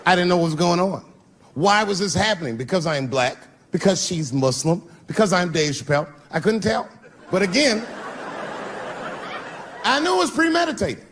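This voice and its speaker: A male stand-up comedian telling a long story in a profane, animated way, his voice sitting somewhat high. He builds the bits in rhythm with the room. A live stage recording with steady audience laughter and noise. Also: normal speed. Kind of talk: stand-up routine.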